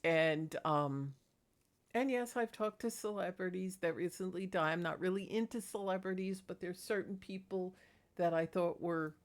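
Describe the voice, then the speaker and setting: A woman talking casually in a rambling, chatty vlog about her paranormal experiences, laughing between thoughts. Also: fairly low pitch. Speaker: paranormal vlogger.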